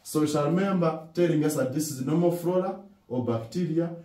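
A man's voice: fairly high pitch, a little fast, mellow. A man with a Ugandan accent giving a dental lecture, who asks rhetorical questions and answers them himself and repeats key words. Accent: Ugandan English. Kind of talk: classroom lecture. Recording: roomy echo, distant from mic.

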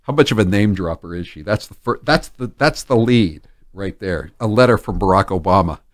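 A man's voice: deep voice, expressive, moderate pace, dry recording. A man hosting a talk radio show in a studio, delivering a sarcastic, mocking monologue into a studio microphone.

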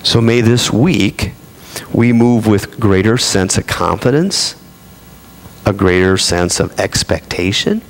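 Deep, gravelly-voiced male pastor preaching. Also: animated, slow pace. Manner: conversational preaching with playful asides. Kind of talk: sermon.

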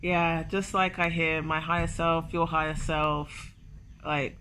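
A woman's voice: deep voice, flat delivery, slow pace, a bit bright, a little hiss or hum. A young woman telling a personal story in a casual confessional vlog, chatty and emotional, with lots of "like". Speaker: vlogger.

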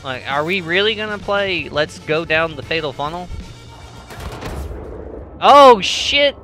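Hyped gamer dude cussing and yelling while he plays, high bright voice, music under it. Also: slow. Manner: excitable, swearing, sudden yelling. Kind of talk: gameplay commentary.

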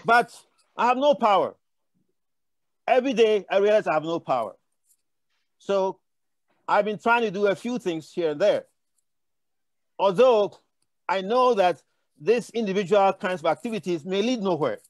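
A man's voice: high-pitched, lively intonation, normal speed, pauses often, no echo. An older man from Africa speaking on a conference panel, telling impassioned, rambling stories with frequent restarts. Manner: impassioned, digressive storytelling with many restarts.

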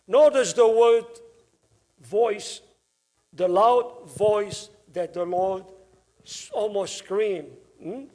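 A man preaching a Good Friday homily in a church as the parish priest, slow and emphatic, leaning on key words. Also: sits high, darkish tone.

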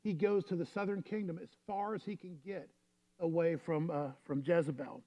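Male pastor, fairly high voice, easygoing storytelling sermon, dull lo-fi recording. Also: fairly even intonation, normal speed, dark tone. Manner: storytelling, conversational preaching.

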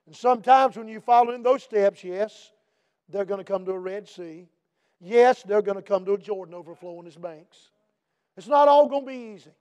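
A middle-aged man preaching a sermon as pastor, building to shouted emphatic refrains and dropping back to quieter teaching. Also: high voice, normal speed, smooth.

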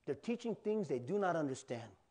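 A pastor preaching a sermon in a loose, colloquial way, with asides and questions to the congregation. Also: male voice, a little high, big pitch swings, fairly quick, darkish tone.

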